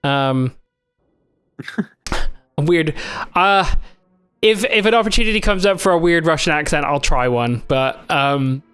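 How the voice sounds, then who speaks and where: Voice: medium pitch, unhurried, long pauses, a bit bright, smooth. A streamer chatting casually about a game while playing, rambling and laughing. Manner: rambling, laughing, full of fillers. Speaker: streamer and co-host. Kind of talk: casual commentary over a game.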